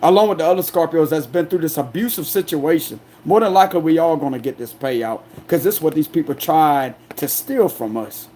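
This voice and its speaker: A man delivering an angry, defiant monologue as a tarot reader, confrontational and forceful, repeating himself to drive points home. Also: fairly high pitch, a little fast, hardly any pauses, a little hiss or hum. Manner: loud, forceful, aggressive delivery.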